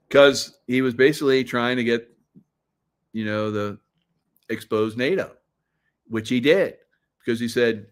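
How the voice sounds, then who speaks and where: A man's voice: medium pitch, slow, pauses often. A middle-aged man hosting his own show, giving rambling, mocking commentary full of fillers and laughs. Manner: rambling, filler-heavy, laughs and mocks often. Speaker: show host. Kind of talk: casual commentary.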